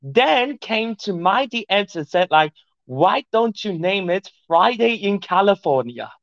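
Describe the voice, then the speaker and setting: A man's voice: sits high, sing-song, measured pace, a bit bright, dry recording. A man, a podcast guest talking in slightly broken English, rambling casually. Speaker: podcast guest, show owner. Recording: dull lo-fi mic.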